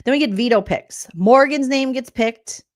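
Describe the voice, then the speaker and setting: A woman comedian hosting a vlog, giving sassy, rambling recap commentary and slipping into quick impressions. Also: high voice. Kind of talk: comedic reality-show recap.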